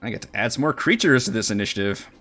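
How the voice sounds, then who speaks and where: A man narrating as dungeon master in an online tabletop game, relaxed, with many fillers. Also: fairly low pitch, very fast, faint music behind.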